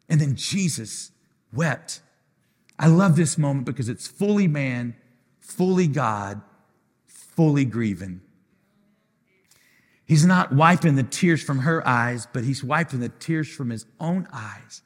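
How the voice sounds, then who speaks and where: A man who is a pastor preaching a sermon with passion, swinging between loud declarations and soft, quiet asides. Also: on the high side, lively intonation, takes it slowly, husky. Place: church sanctuary. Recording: live church hall with music behind.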